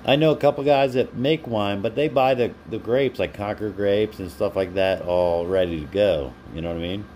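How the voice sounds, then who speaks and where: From home, a man hosts a casual live stream, chatting with viewers by name and laughing often as he reads their comments. His voice is lowish and darkish in tone, at a moderate pace, with a slight hiss or hum.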